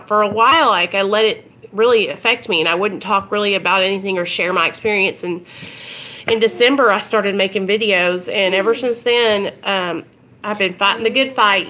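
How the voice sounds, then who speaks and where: A woman's voice: medium pitch, pushed and bright. A woman talking casually to her viewers on a livestream, earnest and rambling with plenty of ums and you-knows. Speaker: recovery vlogger.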